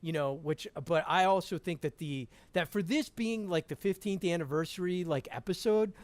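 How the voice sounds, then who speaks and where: A man chatting as a podcast guest over a call, animated, laughing often and restarting his sentences. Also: high-pitched, moderate pace, no room sound. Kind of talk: casual podcast chat.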